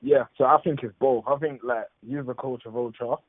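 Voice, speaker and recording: A man's voice: medium pitch, fairly even intonation, brisk, dry recording. A man who gives his views in a thoughtful, hedging, casual way in a phone discussion. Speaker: panel guest. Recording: tinny phone line.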